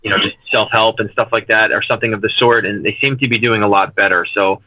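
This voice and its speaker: A man's voice: on the low side, fairly even intonation, fast talker, pushed and bright. Earnest rambling man on a lo-fi line. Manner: earnest, rambling, many fillers and restarts. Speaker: paranormal investigator guest. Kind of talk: casual interview talk.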